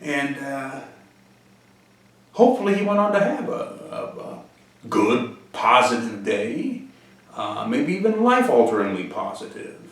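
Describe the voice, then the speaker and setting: A man hosting a deadpan comedic monologue and answering viewer questions. He uses pompous, formal wording broken by frequent hesitant "uh" pauses. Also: mid-range voice. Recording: very echoey room, mic far off.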